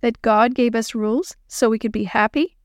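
A woman voicing a patient children's teacher in a storybook, gently instructive. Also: fairly high pitch, steady tone, moderate pace, dry recording, clean studio sound, lightly acted. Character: calm adult woman children's church teacher.

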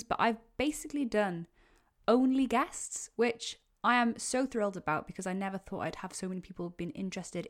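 Chatty young Welsh woman podcaster. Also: medium pitch. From Wales. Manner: chatty, rambling, self-correcting. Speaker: podcast host. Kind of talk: casual solo Q and A. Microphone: podcast microphone.

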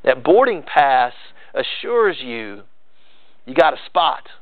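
A pastor preaching a sermon earnestly, mixing rising emphasis with conversational asides. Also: male voice, mid-range voice, sing-song, takes it slowly, dry recording. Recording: dry tinny phone-like sound.

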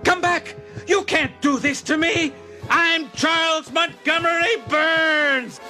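An actor voicing an elderly villainous tycoon in a cartoon, shrill and imperious, barking orders. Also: male voice, very animated, normal speed, gravelly, bright, forceful tone, soft background music, exaggerated voice. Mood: desperate shouting. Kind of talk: cartoon voice acting.

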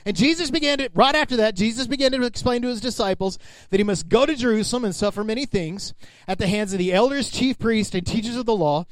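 A man's voice: sits high, quick pace, dry recording. A man pastor preaching a sermon in a conversational way, calling out to the congregation.

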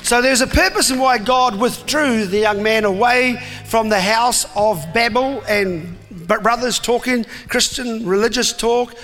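A man's voice: extremely high pitch, a little slow, hardly any pauses, a bit bright, faint music behind. A man preaching an emphatic sermon, putting questions to his congregation and acting out voices. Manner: emphatic, acts out voices, asks the crowd questions. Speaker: pastor. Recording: long hall reverb.

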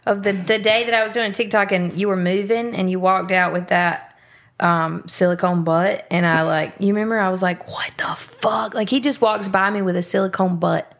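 A woman's voice: mid-range voice, fairly even intonation, brisk. A woman hosting a podcast, rambling and upbeat in casual chat and laughing often. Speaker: podcast host.

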